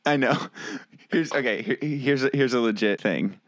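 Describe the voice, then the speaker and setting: A man's voice: medium pitch, moderate pace, dry recording. A man co-hosting a podcast, bantering playfully and arguing his point, often restarting his sentences. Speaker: podcast co-host and editor.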